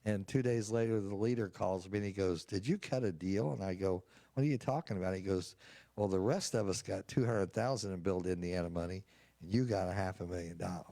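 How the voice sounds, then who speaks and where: An older man with a low, gravelly voice tells folksy stories as an interview guest, acting out each side of the conversations he recalls. The sound is close and dry, with no room around it. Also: steady tone, a little fast, warm tone, no echo. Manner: folksy anecdotes acting out quoted dialogue. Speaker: state representative, guest. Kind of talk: storytelling interview answer.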